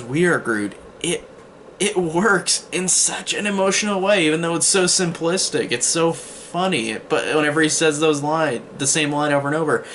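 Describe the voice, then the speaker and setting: Bright-voiced man rambling through a review. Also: on the high side, slight background noise. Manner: rambling, frequent restarts and filler "like". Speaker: movie reviewer. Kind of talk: casual spoken movie review.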